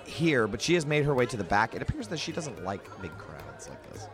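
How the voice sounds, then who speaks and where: A man's voice: medium pitch, very animated, fairly quick, music in the background. A man narrating a tabletop game as game master in a casual manner, full of fillers.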